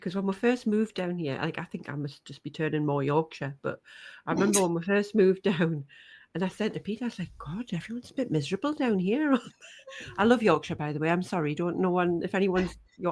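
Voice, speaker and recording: A woman's voice: fairly low pitch, fairly quick, darkish tone. A woman from the North East of England, hosting a podcast interview in a chatty, laughing way. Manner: chatty, laughing, self-deprecating. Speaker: podcast host.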